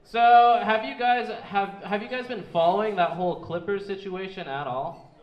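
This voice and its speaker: A man's voice: high-pitched, moderate pace, lo-fi sound. A young man doing a stand-up comedy set in a small club, rambling and restarting his words as he goes. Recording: echoey club room.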